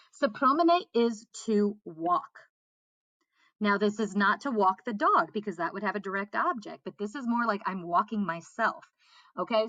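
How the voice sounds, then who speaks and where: A woman's voice: mid-range voice, fairly bright tone, no echo, dull audio. A woman French teacher explaining grammar to her class in a patient way, often checking in with "okay?" and repeating key points. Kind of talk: classroom lesson.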